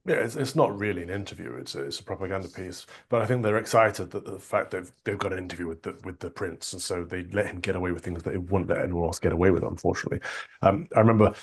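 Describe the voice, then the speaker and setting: A man's voice: deep voice, quick pace, slightly rough. A man with an English accent speaking frankly as a panel guest, often restarting his sentences. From England. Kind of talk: opinionated panel discussion.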